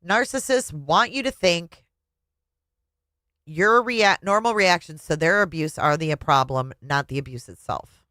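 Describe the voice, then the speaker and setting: A woman's voice: lowish voice, measured pace, no echo. A woman reading a memoir aloud with feeling and adding her own commentary as a reviewer. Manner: expressive, emotional reading. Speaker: book reviewer.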